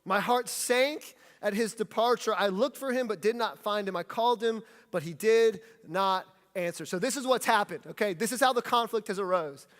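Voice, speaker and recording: High-voiced male pastor in a reverberant hall. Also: normal speed, hardly any pauses, a bit bright. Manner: storytelling with playful acted-out dialogue. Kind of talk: sermon. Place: church hall.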